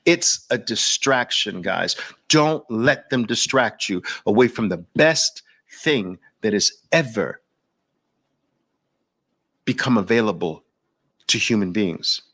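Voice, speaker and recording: A man's voice: lowish voice, lively intonation, takes it slowly, long pauses, fairly bright tone. A man with a New York accent hosting an impassioned monologue, preaching fervently in repeated rhetorical questions and lists. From Brooklyn. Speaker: host.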